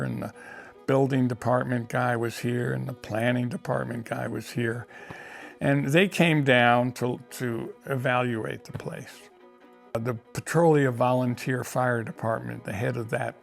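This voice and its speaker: Older man, gravelly storyteller who restarts often, faint music bed. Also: mid-range voice, steady tone, a little slow. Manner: rambling, with repeated restarts and acted quotes. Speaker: interviewee storyteller. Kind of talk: casual storytelling.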